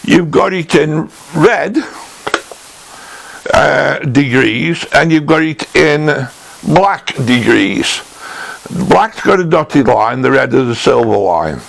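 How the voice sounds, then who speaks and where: A man talks through a woodworking tool in his workshop, his voice heavily gravelly with fry and his delivery slow and unhurried. He pauses, restarts and thinks aloud as he shows things to the camera. His voice sits slightly higher than most men's. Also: animated, low-quality recording. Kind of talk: casual show-and-tell tool review. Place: home workshop.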